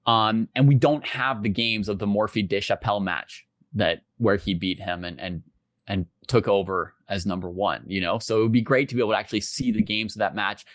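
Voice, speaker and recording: A man co-hosting a casual podcast chat, speaking in a thoughtful, measured way. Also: on the low side, fairly bright tone, no room sound, studio quality. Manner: thoughtful, measured, often says "right?". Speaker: podcast co-host.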